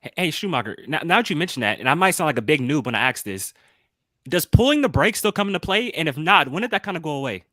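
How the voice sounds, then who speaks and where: A man from Southern California co-hosting a talk show, excitable and chatty. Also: on the high side, fast, no room sound. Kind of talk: casual talk show chat.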